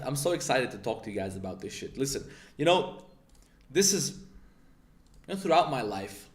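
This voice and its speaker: A man giving an intense motivational rant, blunt and confrontational, swearing often as he pitches his mentorship course. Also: darkish tone. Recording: roomy echo.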